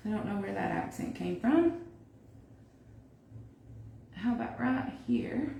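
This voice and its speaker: A woman's voice: fairly high pitch, animated, a little slow, creaky, pauses often. A woman hosting a casual live craft demo from her home kitchen, chatting to viewers and thinking aloud as she works. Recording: echoey room, mic at a distance, faint noise.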